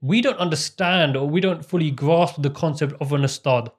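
A young man, telling stories in casual chat, animated and quick to laugh. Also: a little high, slightly rough. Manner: animated, laughs often, slangy. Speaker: podcast co-host.

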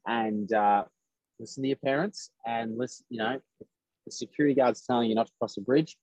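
A man's voice: medium pitch, a little fast, no room sound, low-quality recording. A man tells a racing story in casual podcast chat, acting out what others said. The sound is dry and close, with no room around it. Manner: animated storyteller acting out quotes. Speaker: race driver guest.

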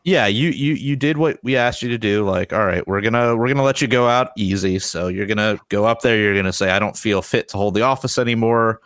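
A man's voice: lowish voice, a little fast, hardly any pauses, fairly bright tone, no echo, clean studio sound. A man co-hosting a casual talk show, blunt and profane, rambling. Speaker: podcast co-host. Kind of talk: casual chat.

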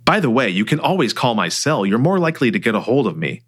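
A man voicing a calm, firm male client and mentor who speaks in a measured, sometimes hesitant way. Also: medium pitch, breathy edge. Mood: firm, concerned.

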